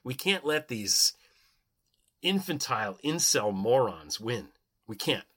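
A man's voice: mid-range voice, very animated, slow, fairly bright tone, husky. Podcast host guy, earnest and emphatic, kinda rambly, mid voice. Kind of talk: podcast monologue and interview.

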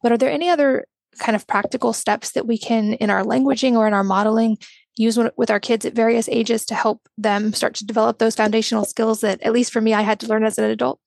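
A woman's voice: a little high, level tone, fast, creaky, darkish tone, no echo. A woman podcast host and mother asking long, reflective questions that draw on her own experience.

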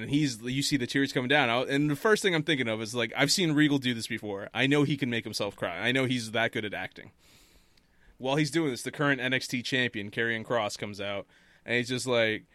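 A man hosting a casual chat show, telling stories in an animated way and laughing often. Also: medium pitch, quick pace, no echo.

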